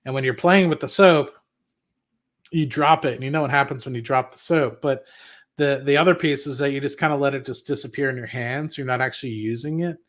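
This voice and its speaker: A man's voice: mid-range voice, brisk, a bit bright. A man hosting an investing stream, talking casually and bluntly, with swearing and restarts, and answering viewer chat. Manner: rambling and blunt, with frequent profanity and restarts. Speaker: investing channel host. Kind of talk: casual livestream talk reading viewer chat.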